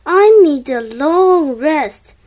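A woman's voice: high-pitched, expressive, very slow, darkish tone, heavily acted. A woman doing a moaning, sore-throated rooster. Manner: moaning, sorry for himself. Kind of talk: storybook read-aloud.

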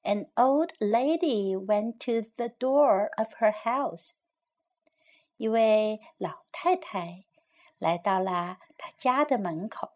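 A woman reading a children's story aloud for English learners, slowly and clearly, translating each line as she goes. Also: medium pitch, animated, a little mellow. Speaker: story reader and English teacher.

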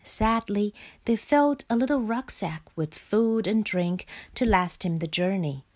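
Slow, expressive woman reading a picture book. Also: medium pitch. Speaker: storyteller.

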